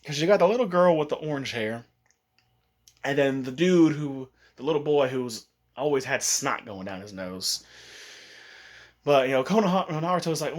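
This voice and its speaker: A man's voice: mid-range voice, expressive, normal speed, long pauses. A man casually telling a fan-fiction story, chatty, often laughing and coughing. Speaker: YouTube storyteller.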